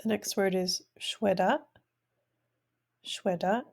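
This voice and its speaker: A woman giving a recorded language lesson at a very slow pace. Her voice is mellow and dark, and she pronounces each word carefully, then says it again for her students. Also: medium pitch, steady tone, vocal fry. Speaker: language teacher.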